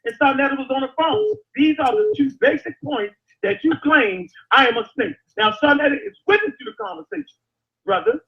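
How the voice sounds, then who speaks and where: A man's voice: very high voice, animated, brisk, creaky, dull audio. A man in a heated live-chat argument, defensive and insistent, pressing his points with curses.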